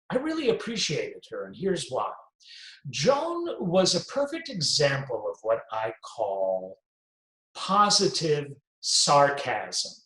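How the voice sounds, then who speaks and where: Slow, animated male host. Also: a little high, echoey room, poor audio. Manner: animated, emphatic, slow deliberate delivery. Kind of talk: health and wellness talk to camera.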